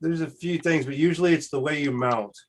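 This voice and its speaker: Male host, casual chat, fairly high voice, easygoing. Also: a little fast, a little hiss or hum.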